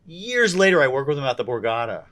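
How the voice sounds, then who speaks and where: A man, a comedian, telling stories in a casual podcast chat, animated and tripping over his words. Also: mid-range voice, quick pace.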